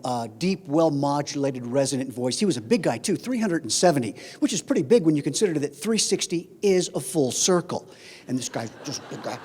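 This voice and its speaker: A man's voice: a little high, slightly rough. A man, a flight instructor, giving a humorous speech at a conference, telling comic stories. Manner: animated comic storyteller. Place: conference hall. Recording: reverberant conference hall.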